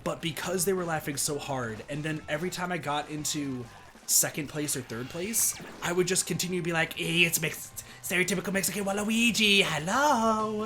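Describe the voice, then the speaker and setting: A hoarse man streaming a game, telling a story in a rambling, animated way with many restarts. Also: mid-range voice, a little hiss or hum. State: hoarse, strained voice.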